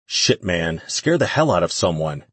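A man reading the part of a brusque, cursing man who is worried and short-tempered, in a low, husky voice. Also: sing-song, moderate pace, no echo, full character voice.

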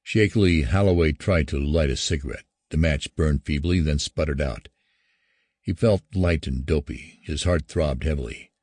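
A man narrating a science fiction story in a measured, even way. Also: a bass voice, husky, no room sound.

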